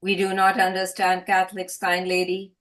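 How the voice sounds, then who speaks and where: A stiff alien spaceman, as a woman puts him on, speaking in a lowish, flat robotic monotone with formal wording. The voice sits a little way off the mic. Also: normal speed, far from the mic, close to an everyday voice. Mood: stiff, pleading.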